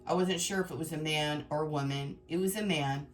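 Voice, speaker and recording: A woman with a fairly low voice tells her viewers a story in an emotional, rambling way. She is a tarot reader talking straight to her audience, and faint music plays behind her. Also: a little fast. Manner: emotional, rambling, dramatic retelling.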